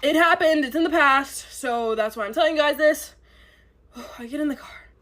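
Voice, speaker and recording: A young woman telling a first-date story in an animated, dramatic storytime monologue. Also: sits high, moderate pace. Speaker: storyteller in a clip.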